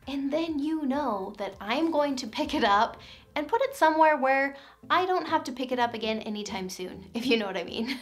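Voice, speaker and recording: Calm, encouraging woman coaching parents. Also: high-pitched, moderate pace. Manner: calm, clear and encouraging, demonstrating phrases to say. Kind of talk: scripted instructional talk.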